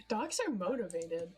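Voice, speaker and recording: A young woman narrating a tabletop fantasy game as game master, hesitant with many fillers and frequent giggles. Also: on the high side. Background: background music.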